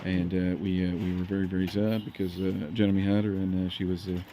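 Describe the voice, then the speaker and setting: A man's voice: low voice, little pitch movement, fast, background noise. A man chatting casually as a vlogger, rambling and hesitant, with many fillers and repeated words.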